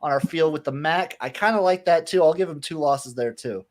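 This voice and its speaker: Male podcast co-host, slightly higher voice, relaxed picks chat with a blunt edge. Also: fairly quick. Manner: laid-back, opinionated, swears casually. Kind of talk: casual sports betting chat.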